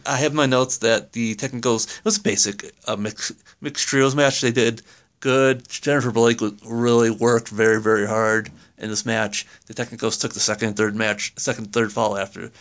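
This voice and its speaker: A man's voice: mid-range voice, steady tone, moderate pace, fairly bright tone. A man co-hosting a casual chat, recapping hesitantly from his notes with many fillers. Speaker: podcast co-host.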